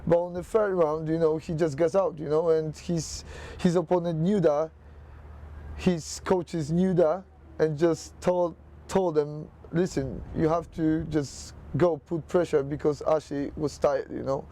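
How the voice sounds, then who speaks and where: A man's voice: a little high, fairly even intonation, unhurried, warm tone. A man, a boxing coach, speaking in non-native English with many filler phrases in a documentary interview.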